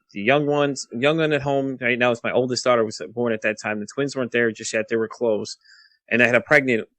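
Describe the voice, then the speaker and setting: A man in his thirties tells his story in a quick, bright, forceful voice, recorded close and dry with no room sound. He swears often and tumbles over his words, restarting sentences as he rushes ahead. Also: mid-range voice, no echo. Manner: rapid, profane, restless recounting with many restarts. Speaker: podcast guest. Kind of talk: casual storytelling.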